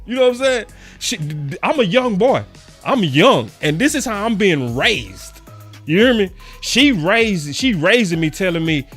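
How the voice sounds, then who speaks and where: A man's voice: high-pitched, very animated, unhurried, fairly bright tone, faint music behind. A man in his forties, a sports fan commentator, giving a passionate and repetitive rant to camera with preachy emphasis.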